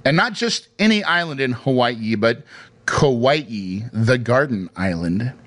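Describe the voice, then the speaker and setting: A man's voice: mid-range voice, animated, takes it slowly, fairly bright tone. A man casually telling a personal story in a chatty way, with frequent restarts and tag questions. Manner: chatty, hesitant restarts, asks "right?" often. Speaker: speaker sharing his career story.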